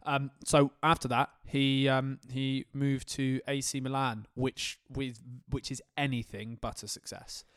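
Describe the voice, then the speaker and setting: A man co-hosting a relaxed sports podcast at an ordinary, middle pitch. He banters, laughs a lot and swears casually. The sound is dry and close, with no room echo. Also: a little slow, hardly any pauses, clear, resonant tone. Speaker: podcast co-host. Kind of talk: casual football chat.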